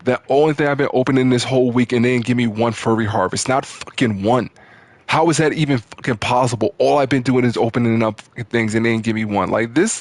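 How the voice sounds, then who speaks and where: A man's voice: mid-range voice, fast, no room sound. A man ranting in exasperation over his gameplay, swearing and repeating his complaints. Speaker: gaming channel host. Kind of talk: frustrated gameplay commentary.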